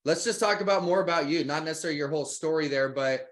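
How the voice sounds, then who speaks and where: A man's voice: a little high, fast talker, fairly bright tone. A man hosting a sales webinar, enthusiastic and motivational, talking to viewers as guys. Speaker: webinar host. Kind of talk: webinar interview.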